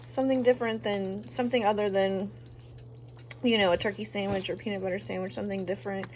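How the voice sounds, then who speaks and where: Laid back woman talking thru her cooking at home, lots of ums, mid voice, bit of kitchen noise. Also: medium pitch. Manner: chatty, relaxed, wings it with ums and jokes. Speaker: cooking vlogger. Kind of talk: casual cooking vlog chat.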